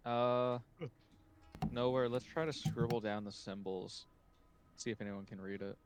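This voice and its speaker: Man, tabletop player, blunt, swears, excitable, mid pitch. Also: a little slow, noisy background. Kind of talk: casual tabletop game chat.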